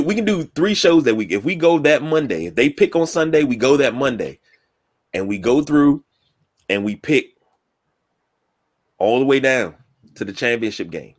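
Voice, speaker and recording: A man hosting a casual sports talk show, telling stories from work and school with lively acted-out quotes. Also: medium pitch. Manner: storytelling, animated when acting out quotes.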